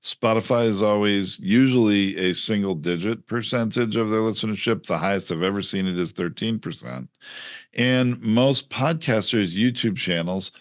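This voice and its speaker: A man's voice: lowish voice, moderate pace, no echo, studio quality. A man co-hosting a podcast, making emphatic points in a casual chat. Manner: emphatic, ranting. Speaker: podcast co-host.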